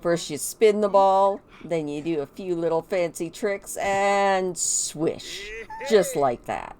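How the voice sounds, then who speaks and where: A woman's voice: on the low side, slow pace, a crowd in the background. A woman voicing a cheerful, encouraging young father in a life-sim game, talking in a playful coaching way.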